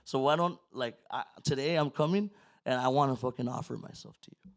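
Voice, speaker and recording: A man, a podcast guest, telling a personal story in a casual, profane way, acting out his own words and swinging between loud outbursts and near-whispers. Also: mid-range voice, fairly quick, creaky.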